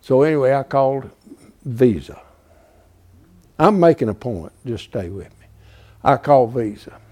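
A man's voice: medium pitch, normal speed. A man in his seventies preaching, telling a folksy story with rising animation. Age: 70s. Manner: folksy, animated, builds to loud. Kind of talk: storytelling sermon.

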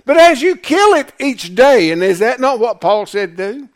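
A man's voice: extremely high pitch, very animated, normal speed. A man preaching a sermon, emphatic, firing questions at the congregation. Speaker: pastor.

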